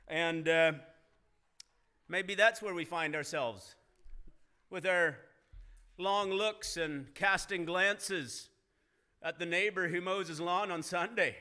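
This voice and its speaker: Bright-voiced male pastor preaching. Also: sits high, takes it slowly, pauses often, clear, resonant tone. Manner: earnest preaching, rising emphasis in retold dialogue. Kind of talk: sermon. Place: church sanctuary.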